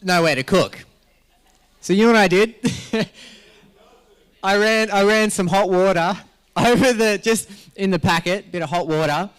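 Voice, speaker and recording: A man's voice: high voice, measured pace, pauses often, a bit bright, clear, resonant tone. An Australian man hosting a live event as MC, joking and rambling through stories while laughing often. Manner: joking, rambling storyteller who laughs a lot. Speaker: MC at a health summit.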